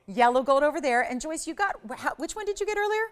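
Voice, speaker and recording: A woman hosting a live shopping channel broadcast, giving a chatty, gushing sales pitch in a TV studio and repeating words for emphasis. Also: animated, fast talker. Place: television studio.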